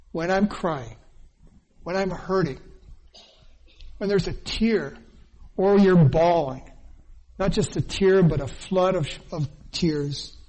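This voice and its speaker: A man's voice: high-pitched, darkish tone, low-quality recording. A man preaching a sermon, earnest and dwelling on phrases with emphatic repetition. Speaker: pastor.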